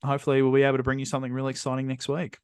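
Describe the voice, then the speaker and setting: A man's voice: medium pitch, monotone, racing, a little mellow, smooth, dry recording. Laid-back Australian male podcast co-host, dry teasing wit, close and dry recording. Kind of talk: casual football podcast chat.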